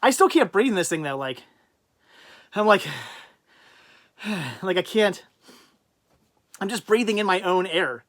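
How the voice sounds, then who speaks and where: A man hosting a casual livestream, rambling and thinking out loud as he reads out and answers viewers' chat comments. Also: high-pitched. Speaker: livestream host.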